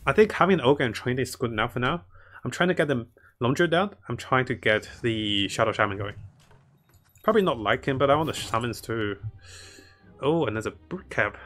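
A man's voice: mid-range voice, a bit bright. A man commentating his own strategy game live, chatting to viewers and laughing often. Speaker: streamer playing a strategy game.

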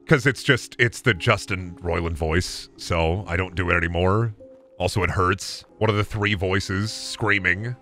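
A man's voice: deep voice, a little slow, pushed and bright, faint music behind. A young man streaming a game, chatting casually in a joking, profane, self-mocking way. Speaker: gaming streamer. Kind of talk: casual live-stream chat.

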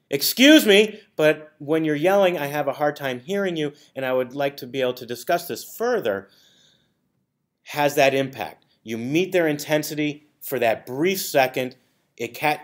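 A man with an American accent giving a training presentation in a conversational manner, using many fillers and acting out example phrases. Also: mid-range voice.

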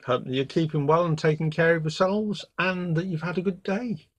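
A man reading a classic fairy tale aloud as a bedtime storyteller, with expressive read-aloud delivery. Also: a little high, normal speed.

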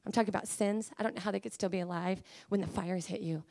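A woman preacher giving an emotional, passionate sermon, swinging between hushed talk and fiery proclamation. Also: mid-range voice, steady tone, quick pace, creaky, no room sound. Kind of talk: Pentecostal-style sermon.

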